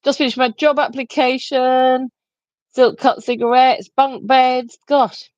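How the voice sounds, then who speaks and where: A woman's voice: high voice, level tone, measured pace, darkish tone, dry recording, highs cut off. A woman co-hosting a livestream, reading viewer comments aloud and laughing often in casual banter. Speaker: livestream co-host reading chat.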